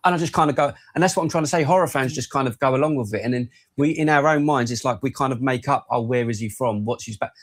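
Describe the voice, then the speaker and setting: A man co-hosting a horror podcast, talking excitably with lots of restarts and swearing. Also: medium pitch, fast, few pauses. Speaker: podcast co-host. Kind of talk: casual podcast chat.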